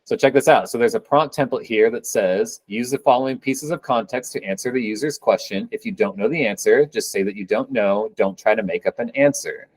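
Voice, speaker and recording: A man's voice: medium pitch, fairly quick, few pauses, dry recording, rough recording. A man presenting a live coding demo at a meetup, talking casually with upbeat, joking asides.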